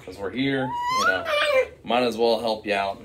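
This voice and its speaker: A man's voice: fairly low pitch, huge pitch swings, moderate pace, heavy background noise. A man voicing a laid-back, sarcastic pirate crew who talk in slangy, casual modern speech within a silly improvised story. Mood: wry.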